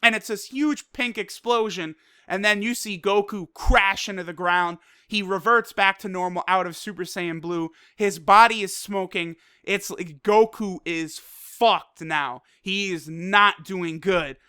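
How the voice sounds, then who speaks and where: A video reviewer excitedly recapping an anime episode, swearing freely and filling with "like" and "you know". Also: mid-range voice, a little slow, smooth, no room sound, clean studio sound. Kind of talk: casual recap and commentary.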